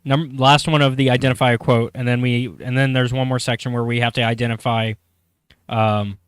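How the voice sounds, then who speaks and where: A man's voice: medium pitch, level tone, brisk, clean tone, no echo, clean studio sound. A man hosting a casual podcast, running a trivia quiz and reading quotes aloud, chatty and correcting himself as he goes. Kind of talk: casual chat.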